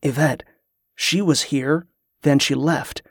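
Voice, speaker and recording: A man narrating a fantasy novel in a steady, measured way. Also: on the high side, no room sound, studio quality. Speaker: audiobook narrator.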